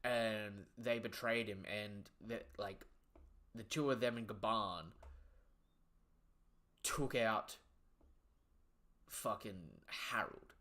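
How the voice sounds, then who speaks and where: Young male streamer, bright forceful voice, excitable and profane, casual reaction chatter. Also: fairly low pitch, slow, pauses often. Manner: excitable, slangy, profane, trailing off into asides. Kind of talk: casual live reaction commentary.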